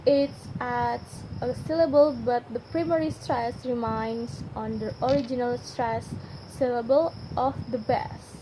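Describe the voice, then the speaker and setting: Reading a class presentation, this young woman speaks at a fairly high pitch with fairly even intonation and a slightly slow pace, carefully saying every word twice. Crickets and insects fill the background of her noisy home recording.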